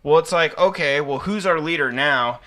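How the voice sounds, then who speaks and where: Young man, podcast co-host, bright voice, casual, swears a lot. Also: a little high, normal speed. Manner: rambling, profane, full of fillers. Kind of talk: casual chat.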